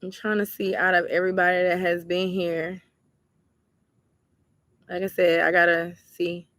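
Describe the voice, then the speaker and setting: A bright-voiced woman from Georgia, US, hosts a livestream as a tarot reader, casually reading viewer comments and addressing everyone as y'all. Her pitch is fairly low and her pace moderate, and she sounds chatty and relaxed. The recording is dry, with clean studio sound.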